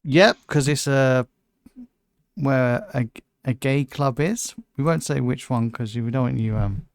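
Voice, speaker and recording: A man co-hosting a casual football podcast, relaxed and chatty, laughing easily. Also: mid-range voice, unhurried, creaky, smooth, no room sound, clean studio sound. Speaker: podcast co-host. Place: lives in Liverpool.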